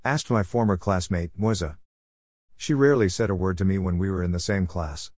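A man's voice: deep voice, a little fast, a little mellow, no echo, studio quality. A man narrating a first-person story in a reflective, wry manner.

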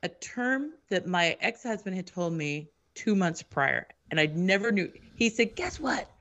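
A woman's voice: on the low side, measured pace. A woman telling a story in casual chat, swearing and acting out the quoted lines of everyone in it. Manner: animated, swears, acts out quotes.

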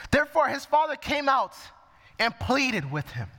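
Man, preacher, sermon, reads scripture verse by verse, bright tone, echoing hall. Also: very high-pitched, sing-song, normal speed.

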